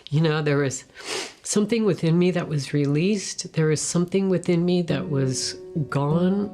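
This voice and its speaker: A woman giving a personal faith testimony in a soft, earnest way, sometimes dropping to a hushed whisper. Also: deep voice, normal speed, soft background music. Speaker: guest sharing a testimony.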